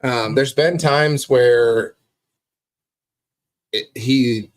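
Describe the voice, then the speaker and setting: A man's voice: medium pitch, extremely slow. A young man co-hosting a casual sports podcast, steering topics and recounting plays with swearing. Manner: leads topics, tells game moments with quoted asides and swearing.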